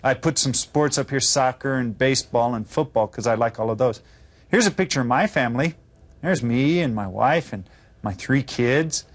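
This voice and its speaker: A man teaching a children's language lesson, modeling phrases slowly and clearly for the class to repeat. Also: medium pitch. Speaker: Spanish teacher.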